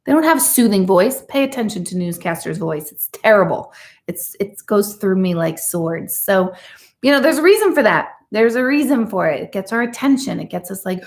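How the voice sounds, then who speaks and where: A middle-aged woman hosting a live chat stream, talking casually to her viewers and slipping into quick mock voices. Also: medium pitch. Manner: chatty and animated, does quick mock voices. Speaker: host of a live chat show.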